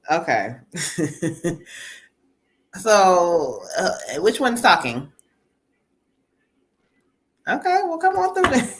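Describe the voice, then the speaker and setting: A woman's voice: fairly low pitch, sing-song, extremely slow, long pauses. A woman hosting a live-stream card reading as a psychic medium, chatty, laughing often and calling her viewers "child" and "y'all.".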